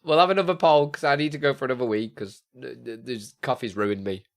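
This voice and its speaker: A man's voice: medium pitch, steady tone, fast talker. A man chatting casually on a live stream, thinking aloud and answering chat as he goes.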